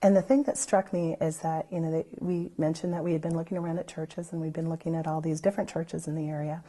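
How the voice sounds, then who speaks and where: A woman's voice: low-pitched, fast talker. A woman, a church member, telling her own story unscripted, rambling along with lots of "you know" fillers. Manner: lively when recalling others' words.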